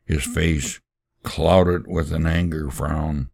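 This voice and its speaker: A man reading a first-person story aloud, earnest and unhurried, with occasional fillers and sermon-like asides. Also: very deep voice, fairly even intonation, vocal fry, darkish tone, no room sound, clean studio sound.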